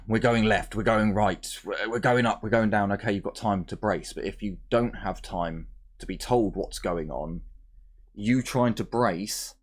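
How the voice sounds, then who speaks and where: A man game master explaining rules and narrating a tabletop game in a chatty, joking way. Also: fairly low pitch.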